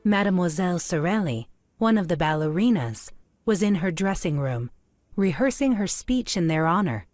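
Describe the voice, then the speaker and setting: A woman narrating a children's storybook in a clear, measured storytelling manner. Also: fairly low pitch, very animated, a little mellow, no room sound, soft background music.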